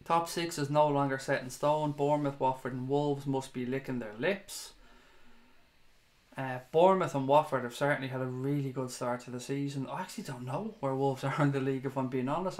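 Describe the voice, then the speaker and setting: A man's voice: mid-range voice, fairly quick. A young man hosting a fan livestream, reading viewer comments in a chatty, casual way, swearing and laughing at himself now and then.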